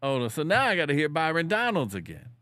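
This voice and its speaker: A man's voice: on the high side, huge pitch swings, fast talker. Playful slangy man hosting commentary. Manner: joking, loose, slangy, with shouted catchphrases. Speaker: commentary show host. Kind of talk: casual political commentary.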